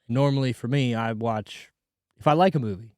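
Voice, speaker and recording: A man's voice: medium pitch, moderate pace, darkish tone, dry recording, studio quality. A man hosting a movie review podcast in casual chat, a little sick and congested, rambling and joking. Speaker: podcast host.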